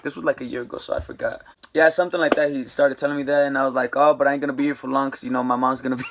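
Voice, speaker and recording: Young guy, vlogger, slangy rambling storyteller, middle pitch. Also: steady tone, racing, noisy background. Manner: rambling, slangy, lots of fillers. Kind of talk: casual storytime.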